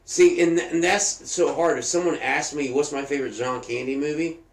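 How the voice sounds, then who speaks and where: A man co-hosting a casual podcast chat, excitable and swearing constantly as he gushes about things he loves. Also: fairly high pitch, moderate pace. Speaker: podcast co-host. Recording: echoey room with faint ambience.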